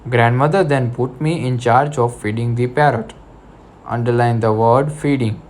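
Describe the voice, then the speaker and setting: A man teaching an English lesson to children in Indian English, slowly repeating words and spelling them out letter by letter. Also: medium pitch, a little mellow, slight background noise. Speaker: school teacher.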